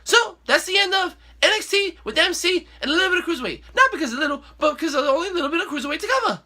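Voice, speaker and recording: A male host giving a casual, excitable and playful wrestling recap. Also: extremely high pitch, racing. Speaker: show host.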